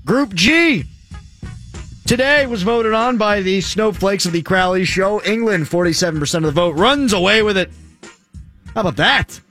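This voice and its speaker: A man's voice: high voice, normal speed, sharp tone, faint music behind. A man with a Pittsburgh accent hosting sports talk radio, riffing in a jokey, ranting way from a studio mic. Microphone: studio microphone.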